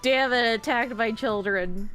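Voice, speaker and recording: A woman's voice: a little high, a little slow, fairly bright tone, faint music behind. A woman streamer joking and laughing through casual gameplay commentary, swearing freely.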